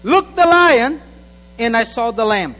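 A male pastor delivers a sermon in a very high voice, slowly and deliberately, in English that is not his first language. He often stumbles and repeats words as he talks. His voice rings out with a long hall reverb. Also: lively intonation, sharp tone. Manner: halting, repeats words, non-native phrasing, talks to an assistant.

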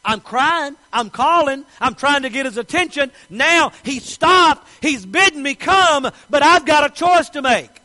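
A male pastor preaching a sermon with passion, moving from quiet asides to shouted declarations. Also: very high-pitched, lively intonation, measured pace, hardly any pauses, low-quality recording. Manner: impassioned, swinging from soft asides to shouted declarations.

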